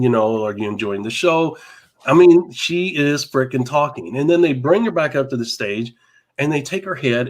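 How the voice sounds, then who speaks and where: A man with a mid-pitched everyday voice tells a rambling anecdote on a live talk show. He gets animated, laughs through his lines and trips over his words. His tone stays casual and chatty. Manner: animated, laughing, repeats words, mild cursing. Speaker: podcast co-host. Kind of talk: casual storytelling chat.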